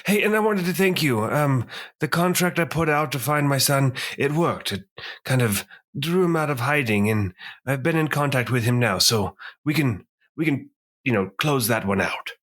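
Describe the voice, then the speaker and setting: A man's voice: mid-range voice, expressive, moderate pace, a bit bright. A man playing in a tabletop game, talking casually in a joking, playful way. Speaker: player.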